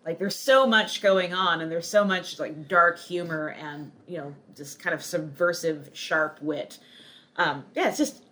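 Low-voiced, laughing woman co-host. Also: fairly even intonation, measured pace, fairly bright tone. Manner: enthusiastic and laughing, with thoughtful asides. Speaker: podcast co-host. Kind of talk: casual chat.

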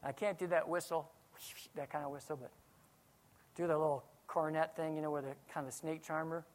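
A man, a pastor, preaching a sermon, swinging from quiet asides to loud outbursts. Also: fairly high pitch, fairly even intonation, brisk.

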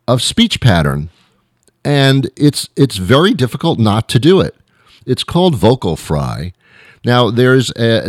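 A man's voice: mid-range voice, dry recording, studio quality. A man telling a comic story as a show host, rambling and self-mocking, with frequent restarts.

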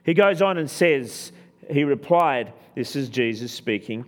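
A man's voice: medium pitch, lively intonation, a little slow. A man preaching a conversational sermon as a pastor, often restarting and repeating words, leaning hard on key points.

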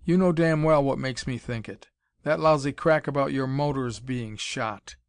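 A gruff, forthright young squadron leader, as a male narrator plays him, a little higher and louder than the narration. Dry, close sound. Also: normal speed, dry recording, close to an everyday voice. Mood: angry.

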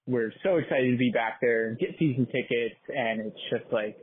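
A man leaving a voicemail for a podcast, ranting in a fast, exasperated way. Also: medium pitch. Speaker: caller. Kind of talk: phoned-in voicemail rant. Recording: tinny phone line with faint noise.

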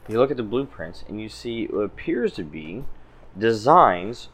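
A man's voice: lowish voice, big pitch swings, measured pace, a bit bright, a little hiss or hum. A man narrating a tabletop game as game master, in an easygoing manner.

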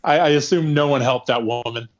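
A man's voice: mid-range voice, a little fast, muffled recording. A man casually recapping a film, rambling and sarcastic, swearing freely. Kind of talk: casual movie recap chat.

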